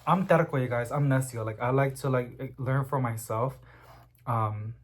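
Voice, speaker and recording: A young man chatting casually at home about plants he is unboxing, rambling and getting excited as he goes. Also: mid-range voice, normal speed. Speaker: plant vlogger.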